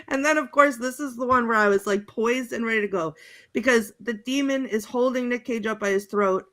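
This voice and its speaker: A woman's voice: on the high side, fairly bright tone. Giggly woman rambling through movie quotes. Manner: giggly, halting with many fillers. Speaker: panelist. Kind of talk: casual chat, recounting movie quotes.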